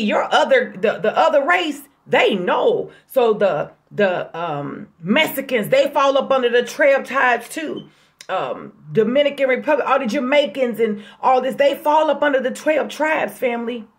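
A woman giving a casual, emphatic sermon to her online viewers, calling them family in a folksy way. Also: fairly high pitch. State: out of breath. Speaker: online preacher. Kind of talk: casual prophetic sermon vlog.

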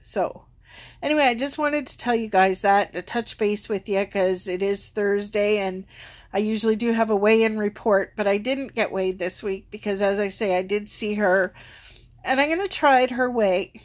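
A woman's voice: mid-range voice, normal speed. A middle-aged woman vlogging, telling a casual personal story in a chatty, self-deprecating way, laughing at herself.

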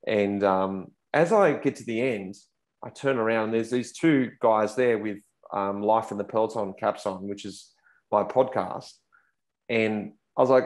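A low-voiced man in his thirties tells a story on a podcast in a casual, chatty way. He acts out what people said with bursts of raised, excited voices. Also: measured pace. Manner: animated, acts out quotes in raised voice. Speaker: podcast guest, pro cyclist.

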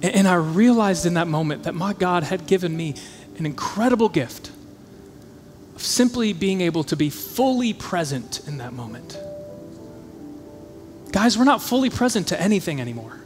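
A man with a high, light voice preaching in a conversational, animated way, slipping into quick acted-out asides. The sound carries the long reverb of a church hall, and soft music plays faintly behind him. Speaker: pastor. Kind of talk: sermon. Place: church auditorium.

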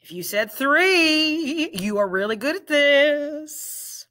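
A woman teacher leading a children's reading lesson, drawing out each word slowly and praising the learners warmly. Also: high-pitched, lively intonation. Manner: slow, drawn-out word drills with encouraging praise.

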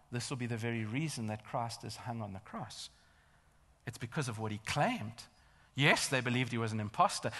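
A man's voice: mid-range voice, fairly bright tone. A man preaching a sermon in a church, emphatic and building to intense rhetorical questions. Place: large church hall. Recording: long church hall reverb.

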